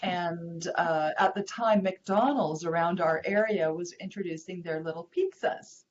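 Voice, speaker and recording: A woman's voice: on the low side, unhurried, muffled recording, slight background noise. A woman co-hosting a live web show, telling a self-deprecating anecdote in a friendly, chatty way. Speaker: co-host, hypnotherapist. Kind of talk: casual storytelling chat.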